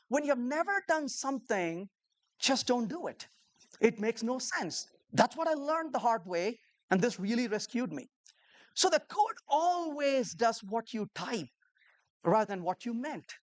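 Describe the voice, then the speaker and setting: Lively, high-voiced woman giving a talk. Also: unhurried. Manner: animated storyteller who acts out conversations; rhetorical questions to the audience. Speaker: conference speaker. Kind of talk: live conference talk to a room of developers.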